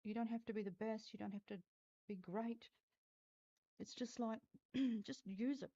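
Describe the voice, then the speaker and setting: A woman's voice: fairly high pitch, unhurried, mellow, highs cut off. A woman giving a live-streamed intuitive reading. She talks bluntly, swears freely and speaks straight to the viewers. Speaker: intuitive reader.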